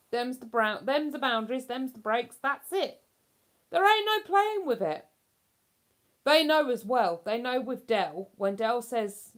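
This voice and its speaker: A woman hosting a casual livestream from home, chatting in a rambling way and laughing easily. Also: on the high side. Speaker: livestream host. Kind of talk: casual live chat.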